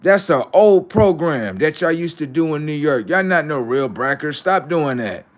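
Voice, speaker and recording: A man's voice: fairly high pitch, expressive, moderate pace. Profane rambling man taunting his chat. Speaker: livestream host. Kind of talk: casual livestream talk to chat.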